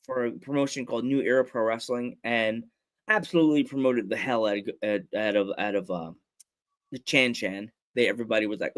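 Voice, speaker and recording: Speaking a little fast in a mid-range voice, a man hosts a laid-back podcast. His stories wander, with frequent restarts and laughs, and he plays out each scene with silly voices and sound effects like a lively storyteller.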